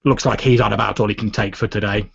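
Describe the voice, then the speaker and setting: A man's voice: fairly low pitch, steady tone, fast, creaky, slightly rough, no room sound, lo-fi sound. A man voicing two bored male soldier guards chatting offhandedly. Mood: offhand. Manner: casual, offhand.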